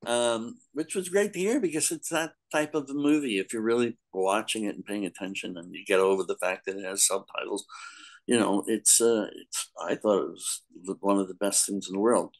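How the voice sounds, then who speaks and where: A man's voice: lowish voice, brisk. An older man, a guest in a casual talk, telling long rambling stories with frequent laughs. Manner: rambling storyteller, laughs often, acts out quotes. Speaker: podcast guest, comics editor. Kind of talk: casual chat, anecdotes.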